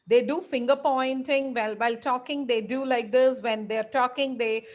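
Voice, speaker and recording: A woman with a high voice gives a classroom lecture. She explains at length, fills pauses with "uh" and "you know," and acts out the examples she describes. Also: steady tone.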